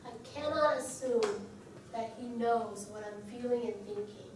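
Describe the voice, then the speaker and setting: A woman's voice: on the high side, a little slow, darkish tone, far from the mic, slight background noise. Woman teaching in an echoey church hall. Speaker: marriage workshop leader.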